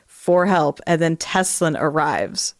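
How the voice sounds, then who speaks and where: A young adult woman co-hosting a casual book discussion podcast, and she is animated, often laughing, and slips into playful accents whenever she reads quotes aloud. Her voice sits on the lower side for a woman. The recording is very dry and close. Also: slow, no room sound. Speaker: podcast co-host.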